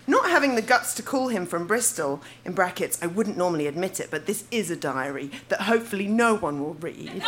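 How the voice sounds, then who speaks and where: A woman's voice: mid-range voice, fairly bright tone, slight background noise. Giggly London woman reading her diary. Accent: London English. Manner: laughing through her lines, playful and self-mocking. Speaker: reader at a live show. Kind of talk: reading aloud her teenage diary to a live audience. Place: live venue stage.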